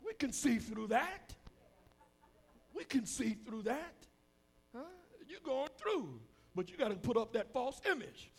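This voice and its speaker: Preaching man with a lively high voice. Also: measured pace, slightly rough. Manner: preaching with sudden swings between hushed and loud; folksy, acts out quoted voices. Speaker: pastor. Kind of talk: sermon. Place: church hall with a congregation.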